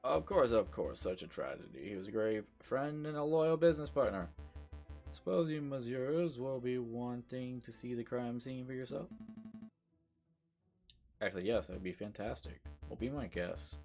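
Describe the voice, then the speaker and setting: A man's voice: medium pitch, animated, normal speed, a little mellow, faint music behind, close to an everyday voice. A man voicing a wealthy, smug lion baron who talks in a pompous, genteel way. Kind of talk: reading game dialogue aloud on stream.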